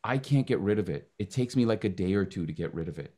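A man's voice: low-pitched, lively intonation, fast talker, dark tone. A man hosting a podcast in a casual, joking chat who swears freely. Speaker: podcast host.

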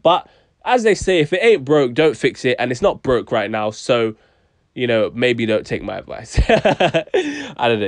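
A man's voice: medium pitch, no room sound. A young man casually reviewing music tracks, chatty and frank, hedging often with "I don't know".

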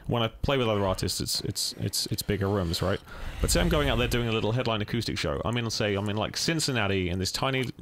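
Podcast guest, British man, low voice, rambling and enthusiastic. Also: fast, few pauses, a bit bright, a little hiss or hum. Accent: British English. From England. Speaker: podcast guest, touring guitarist. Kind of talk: casual podcast chat.

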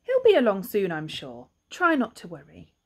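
Woman doing a nice polite hedgehog neighbor guy, reassuring, husky storybook voice. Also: mid-range voice, huge pitch swings, moderate pace.

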